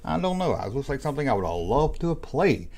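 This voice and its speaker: A man's voice: medium pitch, big pitch swings, fast, creaky, a little mellow, slightly rough. A man casually commenting on old comic book ads, with jokey, sarcastic asides. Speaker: YouTube host reviewing old comic ads.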